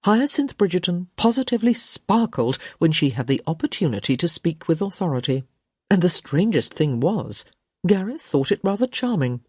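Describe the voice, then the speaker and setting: A woman narrating a romance audiobook with expressive storytelling. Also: on the low side, normal speed, breathy edge, no room sound, clean studio sound. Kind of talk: scripted narration.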